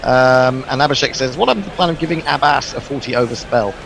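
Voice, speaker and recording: A man's voice: mid-range voice, expressive, fast talker, creaky, fairly bright tone, a little hiss or hum. A man co-commentating on live cricket and reading out listener messages, musing and chatty, with hesitant fillers. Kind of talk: live sports commentary chat.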